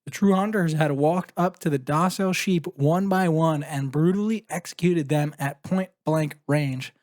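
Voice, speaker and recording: A man's voice: fairly high pitch, moderate pace, a little mellow, no room sound, studio quality. A man co-hosting a casual podcast, reading a story aloud and then teasing his co-host in joking banter. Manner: reads a story aloud, then teases and jokes. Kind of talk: casual chat.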